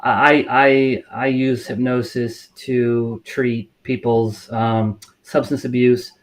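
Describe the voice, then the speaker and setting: A middle-aged man with an even, monotone voice speaks as a guest on a talk show. He explains himself in a measured way, pausing often with ums and uhs and restarting his sentences. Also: medium pitch. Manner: measured, many fillers and restarts. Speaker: mental health counselor. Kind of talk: interview guest.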